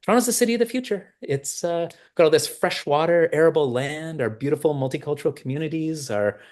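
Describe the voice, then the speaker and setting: A man's voice: on the high side, fairly quick, a little mellow. A man from Canada, a film writer and director, chatting in an interview and telling stories with many fillers and restarts. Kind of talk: casual interview chat.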